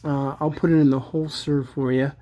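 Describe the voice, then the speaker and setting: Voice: mid-range voice, little pitch movement, normal speed, warm tone. Chatty, enthusiastic toy reviewer. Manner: chatty and enthusiastic, many fillers. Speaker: toy collector reviewing action figures. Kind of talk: casual product review vlog.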